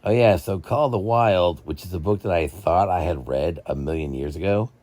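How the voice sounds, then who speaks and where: A young man with a low-pitched voice hosts a casual book chat at a moderate pace. He rambles, jokes around, and tells stories in a lively way.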